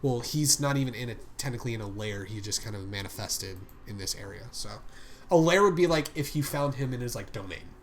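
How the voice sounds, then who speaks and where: A man's voice: medium pitch, expressive, brisk, a little hiss or hum. A man running a tabletop game as game master, casual and rambling, swearing often.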